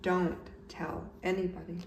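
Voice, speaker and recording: A man's voice: high voice, level tone, a little slow, gravelly. Bear, a woman doing a proud young bear. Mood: eager. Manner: firm and emphatic, slightly louder than the narration. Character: young male bear, proud, easily hurt. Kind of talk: children's storybook read-aloud. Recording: roomy echo, slightly distant mic, faint background noise.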